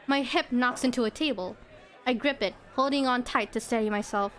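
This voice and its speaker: A young woman streamer reading a visual novel aloud, expressive, with giggly asides to her co-player. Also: a little high, brisk, a faint crowd. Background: game music.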